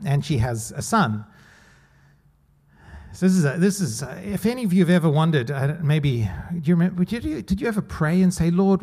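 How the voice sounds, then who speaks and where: A male pastor delivers a conversational sermon, at times using rhetorical questions and laughter. His voice is a little high with a darkish tone.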